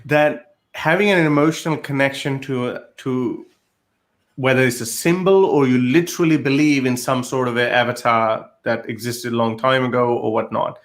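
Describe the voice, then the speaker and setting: A man's voice: mid-range voice, steady tone, normal speed. A man in a podcast discussion, arguing insistently with frequent restarts.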